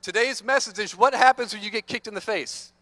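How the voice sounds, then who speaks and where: A man giving an energetic, playful motivational talk to students, teasing the audience, on a stage microphone in a large conference hall. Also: sits high, brisk. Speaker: motivational speaker.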